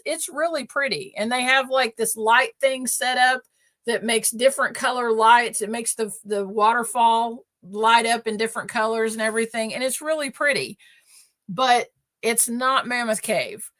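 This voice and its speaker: Woman, bright, chatty storyteller, casual livestream host. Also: a little high. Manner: chatty, animated storyteller, many fillers.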